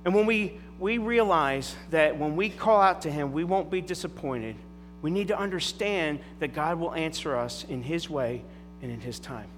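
A man's voice: a little high, moderate pace. A middle-aged man preaching a sermon as a pastor, telling stories with emphatic asides. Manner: animated storytelling with emphatic asides. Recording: long hall reverb with faint music.

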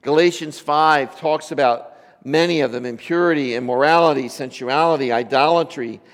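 Speaking at a moderate pace in a slightly high voice, a pastor in his fifties addresses his congregation as the church hall echoes at length. He keeps it chatty and humorous, peppering the crowd with rhetorical questions.

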